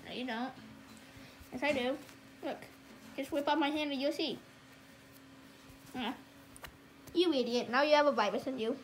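A woman performs every role in a homemade cartoon, in a high voice. She keeps breaking into frantic yelps and cries of pain between her lines. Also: normal speed, pauses often, slight background noise. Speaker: fan animator voicing all characters.

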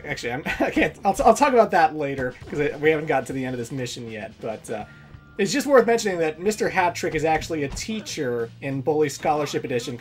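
Chatty, giggly woman commentating a game. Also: low-pitched. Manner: chatty, giggly, says "like" often. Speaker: let's play host.

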